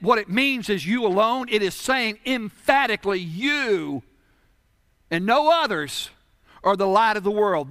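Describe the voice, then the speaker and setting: Male pastor, emphatic preaching style, high bright voice, dry close sound. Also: dry recording. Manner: emphatic preaching with rhetorical questions. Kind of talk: sermon.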